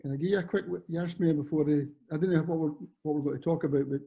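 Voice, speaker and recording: Talking very fast with a breathy edge, this Scottish man in his fifties, a guest and former footballer, chats casually and rambles through stories he keeps correcting. His voice is a little high and steady in tone, and the audio is muffled and lo-fi.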